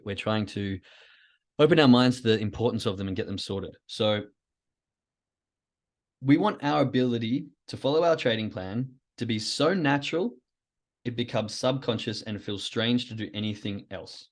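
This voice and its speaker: A man's voice: on the low side, moderate pace. Rambling male podcast host. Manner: rambling, reflective, self-talk asides. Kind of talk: casual solo podcast monologue.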